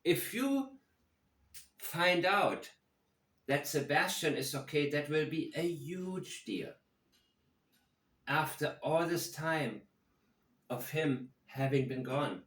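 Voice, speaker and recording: Slow-talking guy breaking down true crime clips, analytical, kinda echoey room. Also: a little high, expressive, a bit bright. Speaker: commentator. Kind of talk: true-crime video commentary. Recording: roomy echo.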